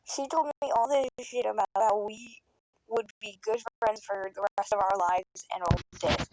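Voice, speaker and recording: Recorded on a phone, this is a teenage girl's personal storytime, rambling and emotional, full of swearing and tearful at times as she chokes up. Her medium-pitched voice is a little mellow, with a steady tone at a moderate pace. Audio is rough and free of room sound.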